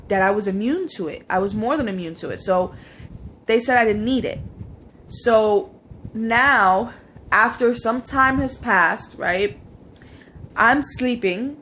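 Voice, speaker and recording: A young woman with a stuffy nose from a cold, venting in a frustrated, halting personal vlog with many fillers and restarts. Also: a little high, a bit bright, slight background noise. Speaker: vlogger. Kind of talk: emotional personal vlog rant.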